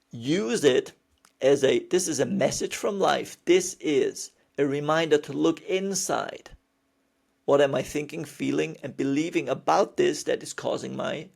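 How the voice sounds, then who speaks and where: A man speaking as a spiritual teacher in a calm, reassuring motivational talk with playful emphasis. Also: fairly high pitch, gravelly.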